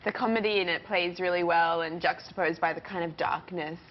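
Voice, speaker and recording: A young actress guest on a TV talk show, speaking enthusiastically and articulately. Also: female voice, lowish voice, steady tone, brisk, dull audio. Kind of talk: casual interview chat.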